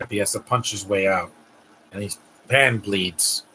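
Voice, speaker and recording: A man's voice: lowish voice, fairly even intonation, unhurried, sharp tone, a little hiss or hum. A man hosting a live stream, making casual, sarcastic asides while watching a film.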